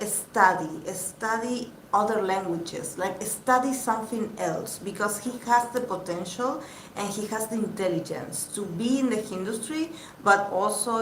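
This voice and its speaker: A woman giving a casual live tarot reading, chatty and halting with many fillers. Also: mid-range voice. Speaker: tarot reader. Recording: echoey room with faint background noise.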